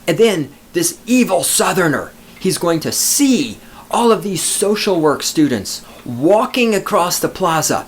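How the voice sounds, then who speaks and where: A male podcast host rants alone in a sarcastic, profane, mocking way. His fairly high voice swings widely in pitch at a normal speed, with slight background noise.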